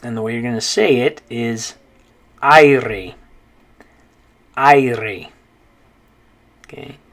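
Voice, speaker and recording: A man teaching a recorded pronunciation lesson, patient, slowly repeating each word and checking in with "okay?". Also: medium pitch, creaky. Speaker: Spanish teacher.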